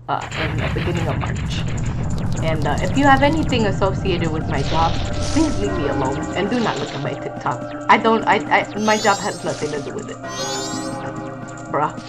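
Excitable woman over loud game music. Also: fairly low pitch, normal speed. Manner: excitable, swings from muttering to loud panicked yelps. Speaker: gaming streamer. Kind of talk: casual gameplay commentary.

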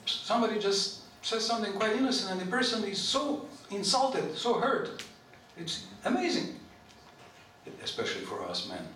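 A man giving an informal scripture lecture to a live group, chatty and animated, putting questions to his listeners and often clearing his throat. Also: sits high, moderate pace, recorded from a distance. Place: temple hall. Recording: very echoey hall, voice from off-mic, faint noise.

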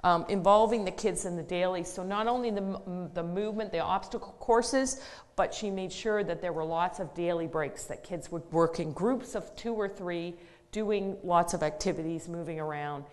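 A woman's voice: on the low side, moderate pace, big-room sound. A middle-aged woman, an occupational therapist, giving a conversational public talk. She tells a practical case story in plain words, with some fillers and restarts.

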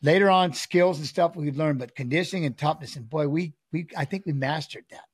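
A man's voice: fairly high pitch, fairly quick, slightly rough, dry recording, clean studio sound. A man telling stories in casual chat, acting out what people said. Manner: animated, acts out quotes from his stories. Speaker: guest. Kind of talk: casual storytelling.

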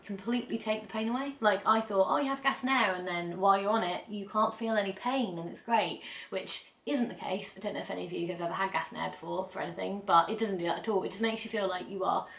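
A young woman talks straight to camera, candid and chatty, and hurries through her asides with plenty of "like". Her voice sits at an ordinary middle pitch. The room around her rings with a noticeable echo. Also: fast, vocal fry. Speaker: vlogger. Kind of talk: casual storytelling to camera. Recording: roomy echo.

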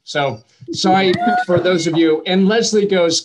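A man's voice: high voice, unhurried, background noise. A middle-aged man hosting a comedy show over a video call, chatty and rambling, with wry self-deprecating asides. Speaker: show host. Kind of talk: casual hosting banter.

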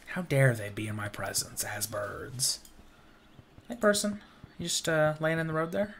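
A let's play gamer works through a game, chatting playfully, joking, swearing, and reading the on-screen text aloud, with game music playing underneath. His mid-range voice is a bit bright, he speaks slowly with frequent pauses, and there's a little hiss or hum.

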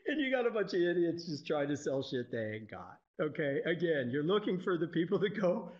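A man's voice: fairly high pitch, big pitch swings, fairly quick. A man giving an informal, irreverent spiritual talk to a group, swearing freely and laughing often. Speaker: teacher. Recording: dull lo-fi recording.

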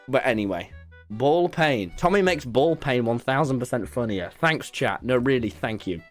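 A British streamer tells his chat a story, laughing excitably and breaking into shouts now and then. His voice is medium-pitched at a normal speed, with soft music playing in the background.

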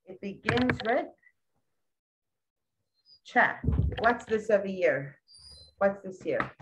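A woman tutoring a young child one-on-one, patient and full of praise, repeating words slowly. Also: mid-range voice, expressive, highs cut off. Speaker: English tutor.

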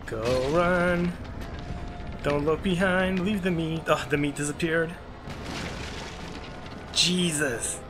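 A man giving let's play commentary on a horror game, excitable and yelping whenever something startles him. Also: slow pace, pauses often. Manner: excitable, yelps and jumps high when scared. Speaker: gaming YouTuber. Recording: game music playing behind.

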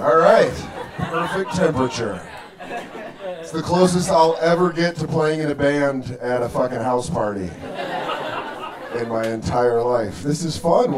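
Profane, rambling comedian in a roomy basement. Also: male voice, fairly high pitch. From United States. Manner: loose, profane and rambling, with quick asides. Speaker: stand-up comedian. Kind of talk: stand-up set. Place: small apartment basement room with a live audience. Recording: roomy basement audio from a distant mic, with audience noise. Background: audience laughter.

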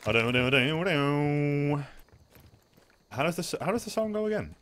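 A young man streaming a tactical shooter, talking fast and loud with bursts of swearing and laughter. His voice sits a little high for a man. The talk is loose and loud. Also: big pitch swings, slight background noise. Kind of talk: live gameplay commentary.

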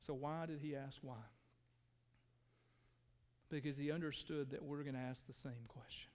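Pastor, male, high voice, earnest sermon, drops hushed then pleads, echo-filled sanctuary. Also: steady tone, moderate pace. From Texas. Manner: earnest, shifts between hushed tones and raised pleading. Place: church sanctuary. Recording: long hall reverb.

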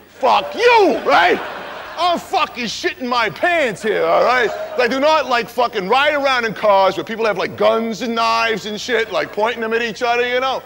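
A man's voice: high-pitched, a bit bright, full character voice. A man playing a brash, tough-talking young hitchhiker telling a wild story on stage, forever asking "right?". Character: wild young male hitchhiker spinning a stoner tale. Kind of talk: stage monologue character.

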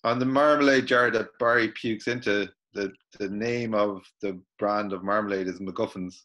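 Low-voiced relaxed filmmaker man. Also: normal speed. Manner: relaxed, hesitant, chuckling. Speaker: film director and writer. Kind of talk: casual panel chat. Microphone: video call.

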